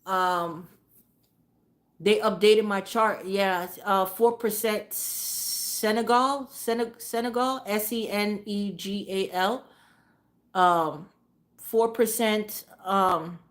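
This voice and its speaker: A woman vlogger talking casually, rambling and repeating herself, trailing off into low mutters. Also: takes it slowly. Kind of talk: casual monologue.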